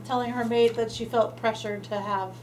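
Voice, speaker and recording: Woman, co-host, casual chat, short interjections, higher voice. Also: steady tone, moderate pace, darkish tone, slight background noise. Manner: chimes in briefly, finishes his sentences.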